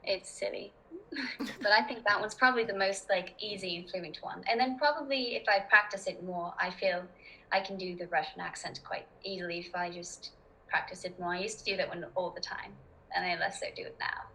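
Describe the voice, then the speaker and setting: A woman's voice: mid-range voice, brisk, bright, forceful tone, slight background noise, low-quality recording. A woman chatting casually as a podcast guest, rambling and laughing often. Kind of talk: casual chat.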